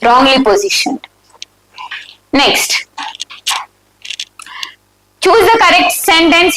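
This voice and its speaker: A woman's voice: sits high, expressive, takes it slowly, pauses often, sharp tone, reverberant, slight background noise, low-quality recording. A woman with an Indian English accent, going over exam questions live, reading out the options and checking answers with her students. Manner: reads options aloud and checks answers with the class. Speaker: exam prep teacher.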